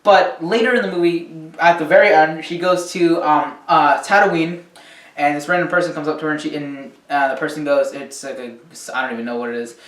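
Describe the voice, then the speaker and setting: A man with a higher-pitched, fairly bright voice rants casually about a film at a fairly quick pace, his intonation mostly even. He's a movie reviewer who rambles, dropping lots of ums and the occasional swear word. The mic sits far away in an echoey room.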